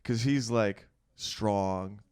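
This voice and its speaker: Relaxed male podcast host, low dry voice. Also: extremely slow, clean tone, no echo. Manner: relaxed, swears casually, reflective. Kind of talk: casual interview.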